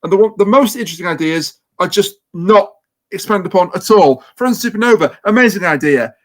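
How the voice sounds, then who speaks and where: A man's voice: high-pitched, expressive, fairly quick, fairly bright tone. A man hosting a podcast in casual chat, giving blunt opinions. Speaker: podcast host.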